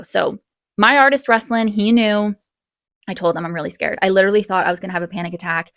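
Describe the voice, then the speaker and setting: A young woman telling a casual storytime vlog, chatty and animated, with quick bursts and gasps. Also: medium pitch, dry recording. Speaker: vlogger.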